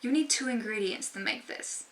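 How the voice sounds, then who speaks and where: A woman's voice: a little high, moderate pace, a bit bright. A young woman talking to camera in a sassy, emphatic, informal way. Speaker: vlogger. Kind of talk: casual talk to camera. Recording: voice slightly distant from mic.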